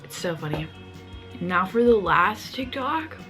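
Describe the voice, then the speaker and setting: A woman's voice: mid-range voice, big pitch swings, a little slow, music in the background. A woman with a mild Liverpool accent chatting casually in a vlog, self-mocking and full of "like". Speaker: vlogger.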